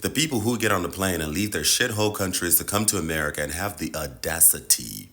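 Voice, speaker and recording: A man's voice: low voice, lively intonation, fast, pushed and bright. A man delivering an impassioned, profane rant straight to his audience. He hammers the same points over and over with heavy emphasis. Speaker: social media commentator. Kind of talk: impassioned direct-to-camera rant.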